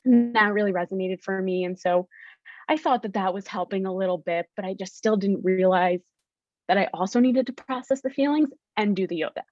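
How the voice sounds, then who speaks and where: A woman's voice: medium pitch, brisk, a little mellow, no room sound, muffled recording. A young woman, a podcast guest, candidly telling her story and acting out her past self in quoted lines.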